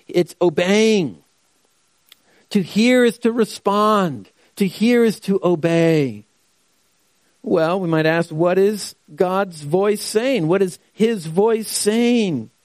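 A man's voice: fairly high pitch, a little mellow, dry recording. A man preaching a sermon who asks rhetorical questions and repeats key phrases for emphasis. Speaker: pastor.

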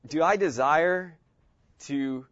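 A man teaching how to meditate on Scripture, thinking aloud and stressing single words of a passage as he reads it slowly. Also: a little high, a bit bright, no room sound, muffled recording. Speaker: Bible teacher.

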